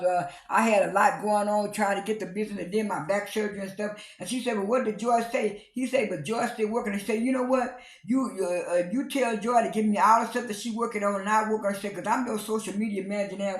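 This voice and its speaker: A man with a high-pitched voice rambles through a casual reality show recap, stumbling over lots of repeated "and"s and "uh"s. He acts out the quoted arguments with rising emphasis. The sound is roomy and echoey. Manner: rambling, many repeated fillers and restarts. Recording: echoey room.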